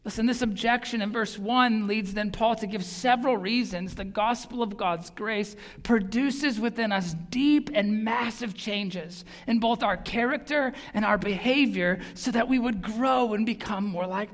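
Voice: medium pitch, a little slow, hardly any pauses. A pastor preaching a sermon in an earnest, emphatic way, often repeating words for stress. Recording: long reverb of a large hall.

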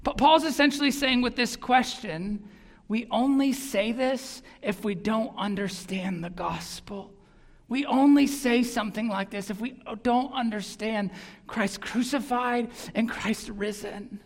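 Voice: mid-range voice, slow. A pastor preaching a sermon in an earnest, emphatic way, often repeating words for stress. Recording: long reverb of a large hall.

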